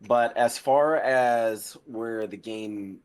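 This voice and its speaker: A man who is a guest on a gaming podcast, talking in a relaxed, chatty way with lots of fillers. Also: mid-range voice, extremely slow, clean tone. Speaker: podcast guest, military veteran. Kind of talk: casual gaming podcast chat.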